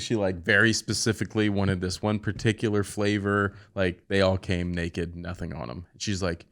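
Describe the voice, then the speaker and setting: A man in his thirties, a podcast host, telling a story in casual chat and acting out the quotes with sudden high-pitched outbursts. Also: fairly even intonation, moderate pace.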